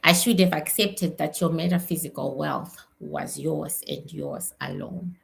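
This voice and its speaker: A woman medium voicing her late mother's spirit, who confesses resentment in a low, slow and gravelly voice. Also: full character voice. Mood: bitter confession.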